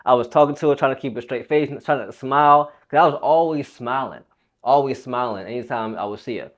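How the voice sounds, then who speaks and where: A man's voice: medium pitch, brisk, highs cut off. A young man and fitness coach telling a personal story in a loose, rambling, casual way, swearing freely.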